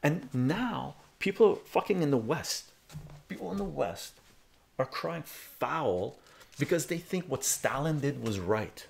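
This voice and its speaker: A man's voice: a little high, animated, takes it slowly, creaky. A man in his forties giving heated, profane political commentary on a live stream and reading chat aloud.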